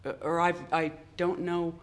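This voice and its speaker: Halting, emphatic older poet. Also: mid-range voice, flat delivery. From Boston, United States. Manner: halting, many restarts, emphatic stresses. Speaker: poet, interview guest. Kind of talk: reflective conversation.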